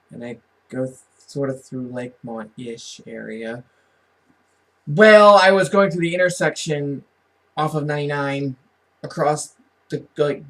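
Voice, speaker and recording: A man's voice: fairly high pitch, far from the mic. A man telling a story casually to his camera, rambling with many restarts and asides, chatty and amused.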